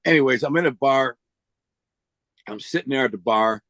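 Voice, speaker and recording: A man's voice: medium pitch, moderate pace, no echo. Streetwise man telling a wild story. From United States. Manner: streetwise slang, animated storytelling. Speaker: interview guest. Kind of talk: casual storytelling.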